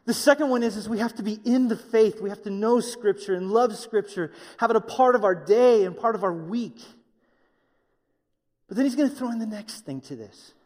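A man preaching a sermon in an animated way, acting out the voices of others with jokey asides. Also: high-pitched, moderate pace, in a large hall. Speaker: pastor.

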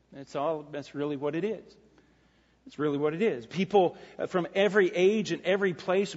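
Earnest preacher in a reverberant church. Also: male voice, a little high, breathy edge. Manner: earnest, repeats phrases for emphasis. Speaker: pastor. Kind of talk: sermon. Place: church sanctuary. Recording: lo-fi church recording with long reverb.

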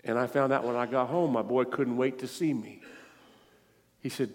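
A middle-aged male preacher tells a story to his congregation in an earnest, pleading way, his voice near tears. His voice sits at an ordinary pitch. The sound rings out with a long church reverb. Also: moderate pace. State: tearful. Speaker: guest preacher. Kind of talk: emotional sermon. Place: church sanctuary.

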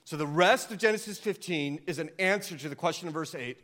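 A man preaching a sermon as pastor, impassioned and earnest, building to near-yelling and then softening. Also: fairly high pitch, fairly quick.

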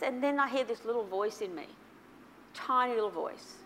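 Animated woman preaching a sermon. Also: fairly high pitch, moderate pace, a little hiss or hum. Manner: animated storytelling, swings from soft to loud. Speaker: pastor.

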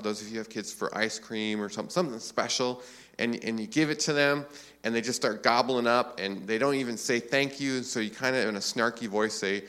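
A man preaching a sermon as a pastor, relaxed and conversational, with frequent filler phrases. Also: mid-range voice.

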